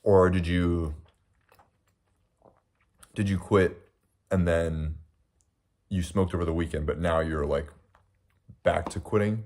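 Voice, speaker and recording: A man's voice: low voice, steady tone, slow pace, long pauses, a little mellow. A young American man hosting a casual livestream, eating breakfast while he reads and answers viewer comments in a rambling, reflective way with many fillers. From United States. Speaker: livestream host.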